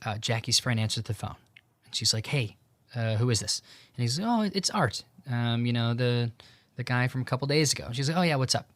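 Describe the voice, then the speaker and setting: A man's voice: mid-range voice, a little fast, no room sound. Easygoing male podcast host telling a story. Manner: relaxed, loose retelling with many fillers and quoted dialogue. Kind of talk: casual storytelling. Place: home in Tucson.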